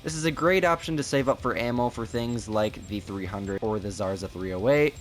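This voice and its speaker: A man's voice: lowish voice, fairly quick, faint music behind. Chatty man giving game tips. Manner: chatty, keeps addressing viewers as "you guys". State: tired after a long filming day. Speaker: gaming YouTuber. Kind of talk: gameplay tutorial voice-over.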